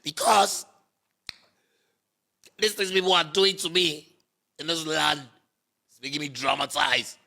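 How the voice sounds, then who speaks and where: A man's voice: fairly high pitch, steady tone, unhurried, vocal fry, pauses often, pushed and bright, full character voice. A man mocking a whiny, wounded drama queen. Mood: mock whining. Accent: Ghanaian. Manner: whiny sing-song, repeating phrases, breaking into laughter. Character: melodramatic self-pitying woman, wounded and theatrical. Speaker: musician mocking a critic. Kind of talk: mocking impersonation monologue.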